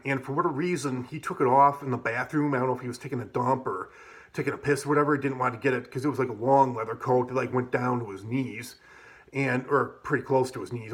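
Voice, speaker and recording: A man's voice: mid-range voice, fairly bright tone. Guy rambling through a bar story, swears a lot, says like and you know constantly. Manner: rambling, profane, many fillers like "like" and "you know". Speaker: vlogger. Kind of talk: casual storytelling.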